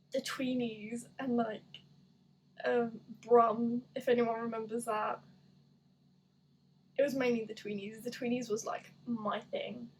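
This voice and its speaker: A woman's voice: a little high, slight background noise, poor audio. An eighteen-year-old woman chatting casually while doing an online quiz, rambling and self-deprecating with lots of "like". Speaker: gaming YouTuber.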